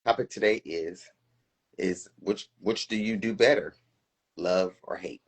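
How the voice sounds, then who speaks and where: Speaking in a husky, low voice at a measured pace, this middle-aged co-host of a laid-back live-stream chat comes across as earnest and thoughtful. He tends to second-guess his own ideas as he talks.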